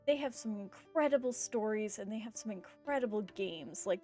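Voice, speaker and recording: A woman's voice: medium pitch, a little mellow. A woman streamer chatting casually as she signs off, rambling with fillers and a bout of hiccups. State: has the hiccups. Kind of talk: casual stream sign-off chat.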